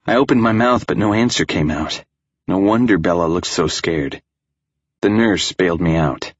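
Low, husky male audiobook narrator. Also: normal speed, no room sound, highs cut off. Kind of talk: first-person audiobook narration.

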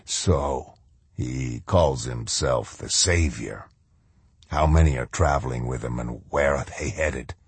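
A man doing a hushed menacing masked colonel. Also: takes it slowly, husky, dry recording, full character voice. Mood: probing. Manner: low, quiet, coaxing menace.

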